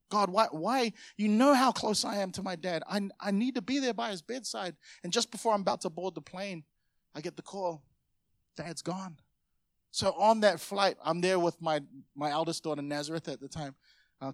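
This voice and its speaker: A male pastor with a high voice delivers an emotional sermon in a church, repeating himself as he tells a personal story. The sound is dry and close, with little room echo. He builds from quiet reflection to firm exhortation. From Samoan family. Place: church hall.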